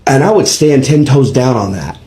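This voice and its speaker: A man's voice: mid-range voice, moderate pace. A man telling a personal story in conversation, acting out the dialogue he quotes. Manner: animated, acts out quoted dialogue. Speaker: guest telling his story. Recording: roomy echo.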